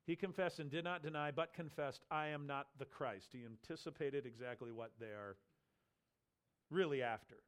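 A man's voice: medium pitch, normal speed, smooth. A man preaching an expository sermon, explaining a Bible passage and briefly acting out the voices he quotes. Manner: animated teaching, acts out quoted voices.

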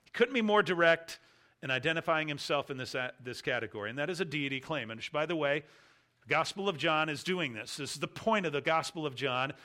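A man preaching a sermon, stressing key words loudly and letting his phrase ends fall low and quiet. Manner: emphatic, stresses key words with bursts of volume. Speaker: pastor.

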